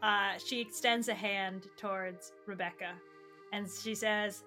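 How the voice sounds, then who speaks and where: Bright-voiced woman game master. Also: medium pitch, steady tone, takes it slowly, soft background music. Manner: playful, dramatic narration with fillers. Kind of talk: narrating a tabletop game.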